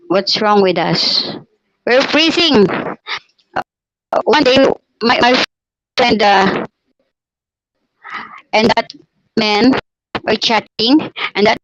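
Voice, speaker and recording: Slow-talking Filipina woman telling a story. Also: medium pitch, dry recording, dull audio. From Philippines. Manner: hesitant, many fillers and restarts. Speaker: storyteller on a live chat. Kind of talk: casual live-stream storytelling.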